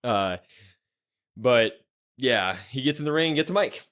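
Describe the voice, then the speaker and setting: Lively man recapping a show. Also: medium pitch, measured pace, clear, resonant tone. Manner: animated play-by-play storytelling with loose slang. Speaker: podcast co-host. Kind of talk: casual chat recapping a wrestling show.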